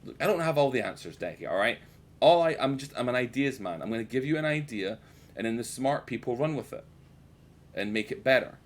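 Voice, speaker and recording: A man's voice: medium pitch, animated, fairly quick. A British man streaming a game, rambling and joking with his chat and swearing freely. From United Kingdom. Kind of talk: casual gameplay commentary.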